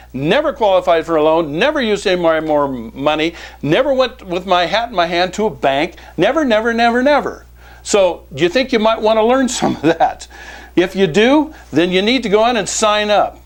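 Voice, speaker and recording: A man who is a business coach and author, giving a direct-to-camera sales pitch in a folksy manner, calling his listeners "folks" and hammering points with repetition. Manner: folksy, keeps addressing "folks", emphatic repetition.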